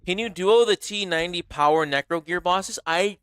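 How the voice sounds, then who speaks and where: An American man chatting casually on a game live stream, rambling and animated, with lots of fillers and restarts. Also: high-pitched, normal speed, clear, resonant tone, no room sound. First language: English.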